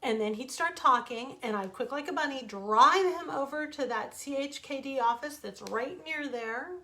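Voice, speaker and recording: A middle-aged woman, an author, telling a personal story from home in a casual, animated way, rambling with asides and self-corrections. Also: high voice, moderate pace. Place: her home.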